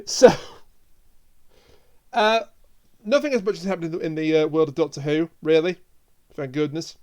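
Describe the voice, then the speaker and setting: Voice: medium pitch, moderate pace, a little mellow. A podcast host in casual chat, joking around, laughing often and stumbling over words. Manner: jokey, laughs a lot, trips over words.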